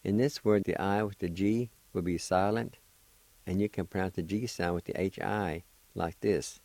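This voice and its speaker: A man with a very low, mellow, steady voice gives a radio language lesson at normal speed, patiently spelling out each word and encouraging listeners. The sound is dry and close like a studio mic, with no room sound, though the audio is poor.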